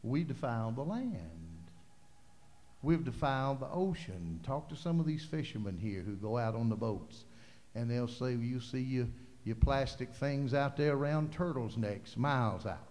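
A man preaching a sermon in a church, impassioned, building to loud, fervent preaching. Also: mid-range voice, expressive, moderate pace. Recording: hall reverb.

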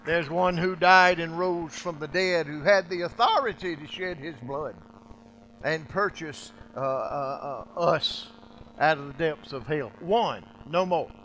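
A man preaching in a high, forceful voice, hammering his points with repetition. He drops his voice almost to a murmur, then swells back up again. The delivery is insistent and emphatic. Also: measured pace, slight background noise, rough recording. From United States. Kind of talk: sermon.

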